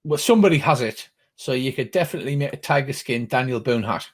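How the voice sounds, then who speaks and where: A man acting as game master, explaining rules and the scene in a measured, patient way. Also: medium pitch, expressive, slightly rough. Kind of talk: running a tabletop game over a call.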